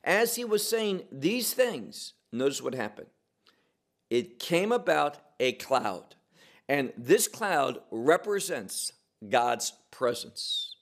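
A man teaching through scripture verse by verse, slow and deliberate, leaning on single words for emphasis. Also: fairly high pitch. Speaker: Bible teacher.

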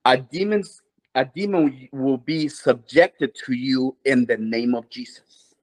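A man's voice: mid-range voice, takes it slowly, rough recording. A man appearing as a guest minister, answering interview questions earnestly.

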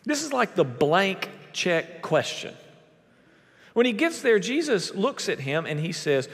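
A man preaching a sermon as a pastor, emphatic, with big swings in pitch and volume. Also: sing-song, measured pace, a bit bright, big-room sound.

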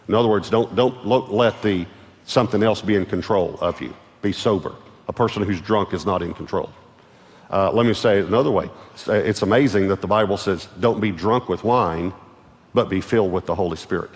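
Pastor, lowish male voice, emphatic preaching delivery in a reverberant church hall. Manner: emphatic preaching, building in force and pitch. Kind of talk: sermon. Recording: long hall reverb with faint music.

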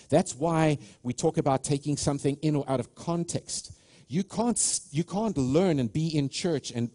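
A man's voice: on the high side, dark tone. A man from Africa, a pastor giving a live church sermon in an earnest, stop-start way, often restarting and calling out to the congregation. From South Africa. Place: church sanctuary.

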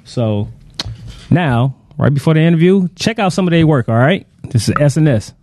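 A man hosting a podcast in relaxed casual chat, slangy and rambling with lots of fillers. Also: fairly high pitch, normal speed, dry recording. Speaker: podcast host.

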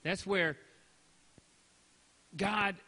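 A man preaching a sermon as pastor, acting out short voiced exchanges and swinging between loud and soft. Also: high-pitched, drawn-out words, in a large hall. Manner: acts out short voiced exchanges, rising and dropping in volume.

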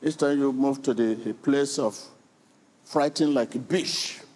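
Slow, deliberate preaching man. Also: mid-range voice, a little mellow, breathy edge. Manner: slow, deliberate preaching with rhythmic repetition and call-and-response. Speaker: pastor. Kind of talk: sermon.

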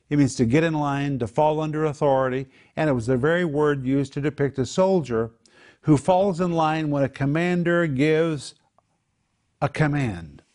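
A man's voice: on the high side, a little mellow. A man teaching the Bible in a home group discussion, explaining Greek words and repeating key phrases for emphasis.

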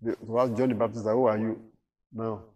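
A man's voice: lowish voice, little pitch movement, normal speed, a little mellow, distant mic. A man teaching a Bible study, reading verses aloud and explaining them with rhetorical questions.

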